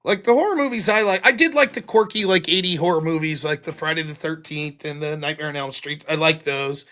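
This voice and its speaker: A man's voice: a little high, a little fast, bright, forceful tone. A man hosting a late-night live stream, rambling casually with lots of fillers and swearing. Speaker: live-stream talk show host.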